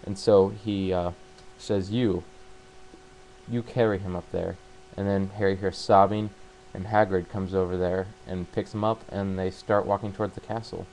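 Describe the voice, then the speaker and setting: A man casually retelling a book's plot, halting and full of fillers and restarts. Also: sits low, flat delivery, a little mellow, slight background noise, rough recording. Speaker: book summarizer.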